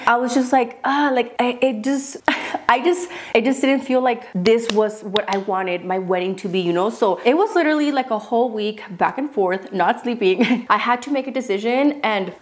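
Young adult woman, vlogger, casual eating chat, emotional, rambling with fillers, a bit high voice. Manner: chatty, emotional, many fillers and restarts. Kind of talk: casual mukbang chat to camera.

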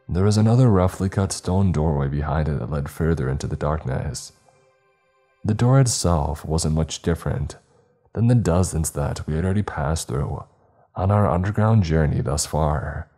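A man reading a scripted horror story aloud in a measured, somber way. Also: extremely low pitch, lively intonation, dark tone, soft background music.

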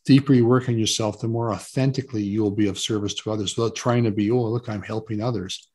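A man with a low, husky voice speaks as a guest in an interview, earnest and emphatic, repeating words to drive his point home. He talks at a quick pace, yet his delivery remains relaxed and conversational.

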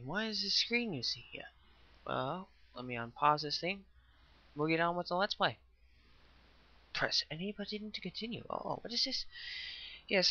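A man's voice: sits high, pushed and bright, no echo, highs cut off. A young man hosting a casual gameplay video, jokey and swearing, reading game text aloud. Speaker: let's play host.

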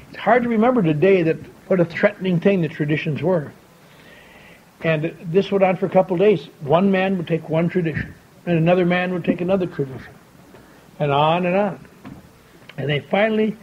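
Older man telling a wry folksy story. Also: on the high side. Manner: folksy, wry, with quoted dialogue. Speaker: speaker at a recovery convention. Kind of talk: storytelling talk to an audience. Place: large convention hall. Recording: dull lo-fi tape with faint hiss.

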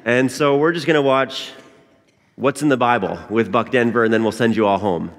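A pastor giving a sermon in a conversational manner, with frequent pauses and fillers. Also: male voice, mid-range voice, fairly even intonation. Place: church sanctuary. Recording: long church reverb.

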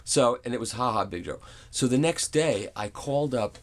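A man's voice: medium pitch, expressive, moderate pace. A middle-aged man casually telling an amused anecdote, with frequent restarts. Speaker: audio reviewer and vlogger. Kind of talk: casual storytelling.

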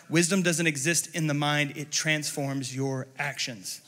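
A man preaching a sermon as pastor at a church service, passionate and often building up to shouting. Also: a little high, in a large hall.

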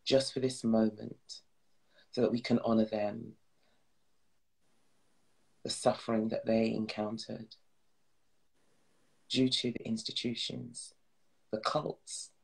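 Slow gravelly man leading a prayer. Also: lowish voice, level tone, poor audio. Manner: slow, solemn and soothing, dropping to whispers. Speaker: spiritual guide. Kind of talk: guided prayer and meditation.

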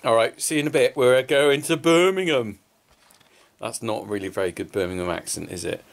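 A man's voice: on the low side, lively intonation, racing, creaky. A man, a farmer, talking casually to his camera in a rambling way with lots of fillers as he walks around an exhibition hall. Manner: chatty and rambling, with many fillers. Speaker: farmer vlogger. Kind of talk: casual vlog narration. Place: indoor exhibition hall, walking through. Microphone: handheld camera filming as he walks. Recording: loud background noise.

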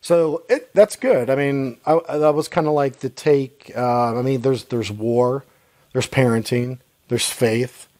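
A man's voice: medium pitch, a little slow, darkish tone, dry recording. Earnest rambling man on a podcast, dry sound. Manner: earnest, rambling, frequent "like" and restarts. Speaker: podcast co-host. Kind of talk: casual chat.

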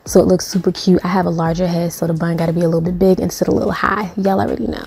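A woman's voice: lowish voice, flat delivery, racing, creaky, darkish tone. A young woman talking through a hair tutorial in a sassy, playful, chatty way. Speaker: beauty vlogger.

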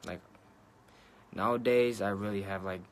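A young man with a fairly low voice talks loosely into his phone on a live stream, full of slang, curses and easy laughs. He drifts between English and Korean as he answers comments, with a faint background hiss. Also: fairly even intonation, normal speed. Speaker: rapper on a livestream. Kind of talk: casual livestream chat answering comments. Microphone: phone mic.

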